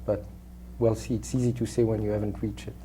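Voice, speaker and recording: A man with a French accent answering interview questions in a halting way, repeating words and filling pauses with "uh". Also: lowish voice, flat delivery, warm tone, slight background noise. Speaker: film actor being interviewed.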